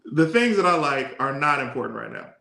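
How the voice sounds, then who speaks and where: Lively, teasing man on a podcast. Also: mid-range voice, gravelly. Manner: teasing, playful, quick interjections. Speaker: podcast co-host. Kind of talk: casual podcast chat. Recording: roomy echo.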